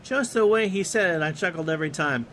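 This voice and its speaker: A man streaming a simulated ballgame, giving relaxed play-by-play between musing chat asides and livening up on big plays. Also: fairly high pitch, quick pace, slight background noise.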